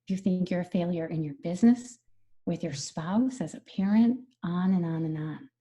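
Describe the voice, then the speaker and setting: Bright-voiced woman coaching on mindfulness. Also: lowish voice, normal speed. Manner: earnest, explanatory, repeats key phrases. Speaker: stress management coach. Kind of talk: conversational interview.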